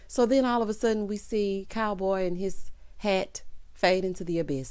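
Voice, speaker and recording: A woman's voice: medium pitch, moderate pace, a little mellow. A woman chatting through a TV episode recap, sassy and dramatic, calling her listeners child and honey and acting out the characters' lines. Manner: sassy, calls the audience child, honey and baby. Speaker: TV recap vlogger.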